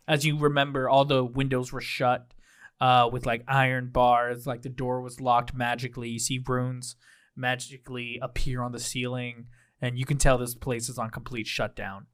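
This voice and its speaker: A man running a tabletop game as game master, narrating loosely and breaking into laughter and loud character voices. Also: medium pitch, little pitch movement, normal speed, clear, resonant tone.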